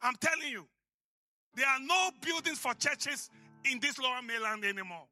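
High bright-voiced preacher with an African accent. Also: male voice, expressive, normal speed, faint music behind. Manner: emphatic preaching, rising to shouts. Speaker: pastor. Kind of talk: sermon.

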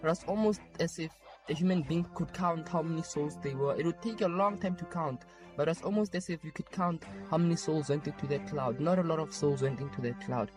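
A man's voice: fairly high pitch, brisk. A man earnestly recounting a vision, repeating his points for emphasis. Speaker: testimony speaker. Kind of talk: personal testimony. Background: music.

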